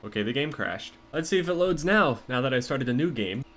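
A young man giving live gameplay commentary, cursing constantly and swinging from low muttering to panicked yells. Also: a little fast, faint music behind. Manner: profane, excitable, jumps from muttering to panicked yelling. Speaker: gaming commentator.

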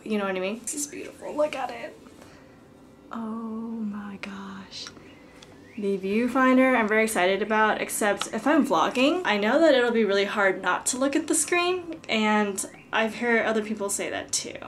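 A woman's voice: fairly high pitch, expressive, fairly quick, hardly any pauses, fairly bright tone, slight background noise. A young woman vlogging at home, gushing breathlessly with lots of "like" as she unboxes a camera. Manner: gushing, breathless, filler-heavy ("like"). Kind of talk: casual vlog, unboxing a camera. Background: music playing.

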